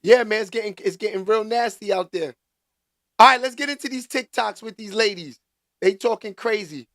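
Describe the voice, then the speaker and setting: A man's voice: sits high, normal speed, a bit bright, no room sound, clean studio sound. A man hosting a casual commentary vlog, talking in slangy, emphatic bursts and repeating catchphrases.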